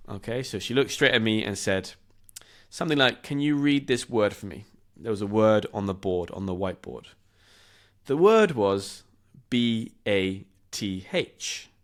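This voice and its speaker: A young man from southern England, hosting a show for English learners and telling a personal story in a lively, self-deprecating way, laughing at himself. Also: on the low side. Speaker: podcast host.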